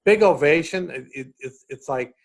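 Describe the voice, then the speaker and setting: A middle-aged man with a Boston accent talks in a slightly high, animated voice, jumping up and down in pitch as he acts out other people's lines. He tells comedy stories in a casual, chatty way. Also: moderate pace. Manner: animated storyteller acting out quotes. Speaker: comedian guest. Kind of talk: casual chat, storytelling.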